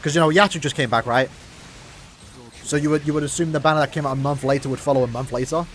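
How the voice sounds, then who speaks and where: A young Irish streamer's fairly high voice stays steady in tone as he talks fast. Playing a mobile game, he chats casually with his audience, rambles, restarts sentences frequently and talks to chat.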